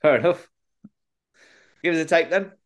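A man's voice: fairly high pitch, normal speed. A man hosting a casual comedy chat, prompting his co-host and laughing often. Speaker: podcast host.

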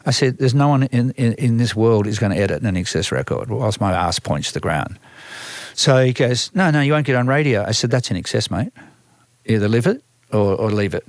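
A man's voice: lowish voice, moderate pace, dry recording. A man with an Australian accent telling stories from his work as a music manager, acting out other people's lines and often restarting his sentences. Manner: lively, acts out quoted voices, frequent restarts. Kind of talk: storytelling conversation.

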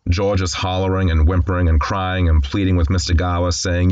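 A man's voice: deep voice, flat delivery, brisk, a little mellow, highs cut off. A man casually recapping a classic film, candid and conversational with wry asides. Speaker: film commentator.

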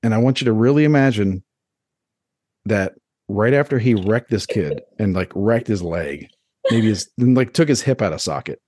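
A man in his thirties co-hosting a podcast, rambling through crude, animated comedic stories in casual chat. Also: lowish voice, normal speed, dry recording. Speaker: podcast co-host.

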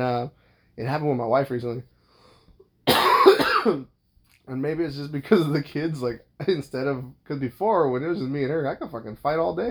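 A young adult man talks on his own podcast in a loose, meandering monologue. He is blunt and swears constantly, restarting his sentences as he goes. His voice sits at an ordinary middle pitch. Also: creaky. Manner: blunt, rambling, heavy swearing. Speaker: podcast host. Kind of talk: casual monologue.

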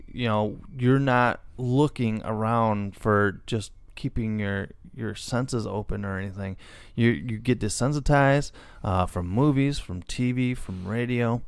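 A man's voice: lowish voice, smooth, no echo. A middle-aged man, co-hosting a casual podcast and rambling with frequent restarts. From Illinois, USA. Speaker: podcast co-host.

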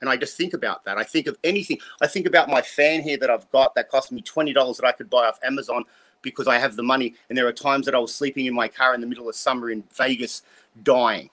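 A fast-talking man with a mid-range, fairly bright voice keeps a steady tone. He's a blunt guest in his fifties in a casual interview, rambling and cursing as he shares life lessons like a profane motivational talk.

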